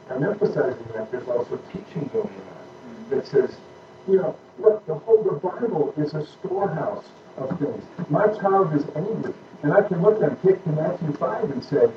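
A man teaching a church class on parenting, emphatic and conversational, often checking that his listeners follow. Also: on the high side. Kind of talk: informal teaching talk with questions. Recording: echoey room, distant mic, muffled, noisy.

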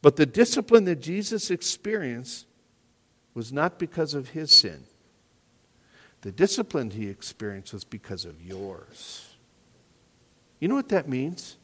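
A man preaching a sermon as pastor, earnest and questioning, often dropping to quiet emphasis. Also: medium pitch, very animated, unhurried, pauses often. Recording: echoey hall reverb.

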